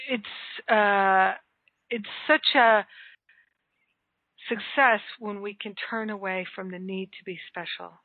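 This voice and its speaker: A woman's voice: mid-range voice, no room sound. A middle-aged woman hosting a casual spiritual conversation, sharing reflective stories with many fillers and restarts. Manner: warm reflective storytelling with fillers. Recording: tinny phone line, dry.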